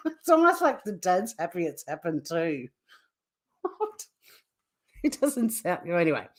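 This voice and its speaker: A woman's voice: lowish voice, sing-song, moderate pace. A woman hosting a casual true crime livestream, blunt and swearing freely, repeatedly breaking into helpless laughter. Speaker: true crime YouTube host.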